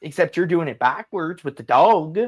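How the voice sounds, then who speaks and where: A man's voice: on the high side, animated, moderate pace. A young man co-hosting a casual sports livestream, teasing his friends and laughing as he talks. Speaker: co-host.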